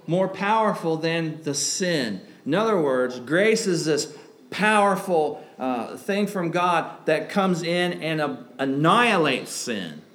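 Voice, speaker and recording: A man's voice: fairly high pitch, lively intonation, takes it slowly, fairly bright tone. A man preaching a sermon in a conversational way, asking rhetorical questions and breaking into emphatic outbursts. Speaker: pastor.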